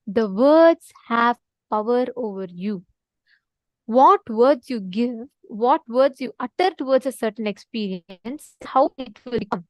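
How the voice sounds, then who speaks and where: A woman's voice: on the high side, lively intonation, measured pace, no room sound. A woman giving an earnest, repetitive spiritual talk to an online audience and prompting her listeners to respond. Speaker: spiritual teacher in an online session.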